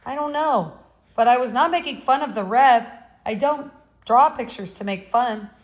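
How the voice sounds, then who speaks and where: A woman's voice: on the high side, moderate pace, voice pushed up, lightly acted. A woman reading the part of an earnest ten-year-old boy who pleads with his father.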